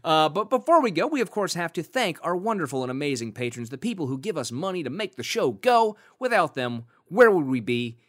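A man's voice: on the high side, big pitch swings, brisk, hardly any pauses, fairly bright tone. A man co-hosting a podcast in a casual, joking chat, thinking aloud with fillers as he goes. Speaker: podcast co-host.

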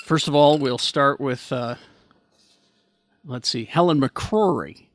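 A man's voice: medium pitch, slow pace. A man hosting a casual podcast chat, joking and laughing easily with his co-hosts. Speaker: radio host.

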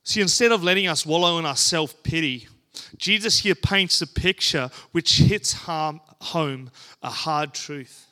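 An earnest male preacher delivers a sermon with deliberate pacing and dramatic pauses. His voice sits slightly high and sounds bright and ringing. He rises into emphatic peaks on key words.

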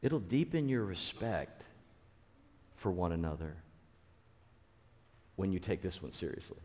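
A man's voice: low-pitched, big pitch swings, unhurried, darkish tone, big-room sound. A man preaching a conversational sermon as a pastor, earnest, repeating key phrases and restarting his sentences.

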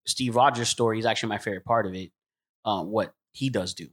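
A man hosting a casual convention chat, playful and joking, quick to laugh. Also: on the low side, fairly bright tone. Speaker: convention panel host.

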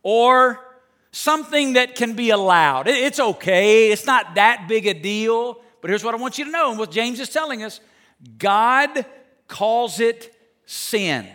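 High, bright-voiced male pastor preaching. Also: lively intonation, a little slow. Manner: emphatic preaching, swings from loud to hushed; joking asides with the congregation. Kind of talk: sermon.

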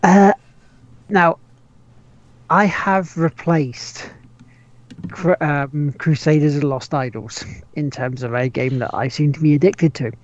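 A man co-hosting a gaming podcast, relaxed and quick to laugh. His voice sits a bit high and the sound is dull and muffled. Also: slight background noise. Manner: laughing, easygoing. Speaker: podcast co-host. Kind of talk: casual gaming chat.

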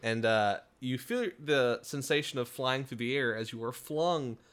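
A man narrating a tabletop game as game master, in a lively storytelling manner. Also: mid-range voice, measured pace, clear, resonant tone.

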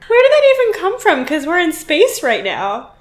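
A woman from Pittsburgh co-hosting a podcast in a light, fairly high voice. She chats casually with bubbly enthusiasm and giggles between her thoughts. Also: wildly swooping pitch, moderate pace. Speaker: podcast co-host. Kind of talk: casual chat.

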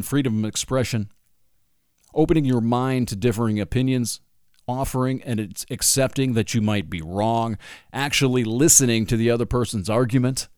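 A man's voice: medium pitch, a little mellow, no room sound, studio quality. A man delivering an opinionated monologue, reading passages aloud from a book and breaking in with sarcastic asides and laughs.

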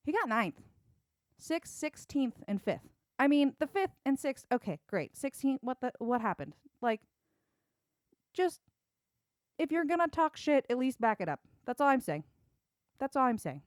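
A woman's voice: high-pitched, big pitch swings, a little slow, pauses often, a little mellow, dry recording, studio quality. A young woman hosting a solo sports podcast, chatty and opinionated, with casual swearing. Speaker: podcast host.

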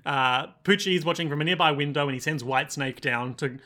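Chatty young-sounding man, slightly high voice. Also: sharp tone. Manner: laughs often, quick asides, acts out lines. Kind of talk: casual chat recapping an anime.

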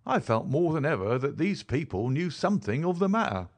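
A man's voice: fairly quick, few pauses. A man reading a story aloud as narrator, shifting his voice for each character. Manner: lively, shifts pitch to voice characters. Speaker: audiobook narrator. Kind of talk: scripted narration.

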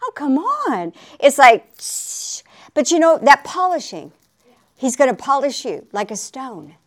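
A woman's voice: sits high, big pitch swings, measured pace. A woman preaching in a chatty, conversational way on a faith talk show, laughing often and asking for an Amen.

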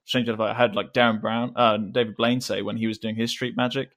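A man's voice: fairly low pitch, level tone, fairly quick, a bit bright. An English man telling a casual anecdote, rambling and restarting often as he chats. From England. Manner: rambling with frequent restarts and fillers, chuckling often.

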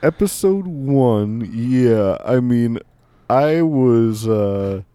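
A man's voice: medium pitch, expressive, very slow, dark tone, clean tone, dry recording. A man casually chatting on a podcast, rambling with lots of fillers. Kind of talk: casual chat.

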